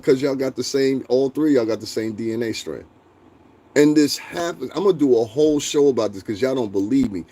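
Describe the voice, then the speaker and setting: A man hosting a livestream, ranting bluntly and profanely and answering his chat. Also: mid-range voice. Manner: profane, blunt, animated, talks back to chat. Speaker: livestream host.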